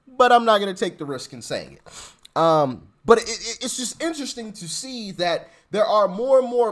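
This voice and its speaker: Guy doing a commentary vlog, high voice that swoops a lot, keeps repeating himself and cracking up. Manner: animated and repetitive, laughing, mocking. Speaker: channel host. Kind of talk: casual political commentary vlog.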